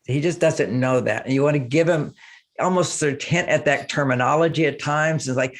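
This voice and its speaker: An older man, a relationship author, talking casually in an interview, animated and acting out quoted speech. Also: on the high side, fairly quick.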